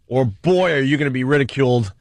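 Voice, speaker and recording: A man's voice: mid-range voice, animated, fast, darkish tone, dry recording. A man hosting a comedy radio show, cracking jokes and laughing often.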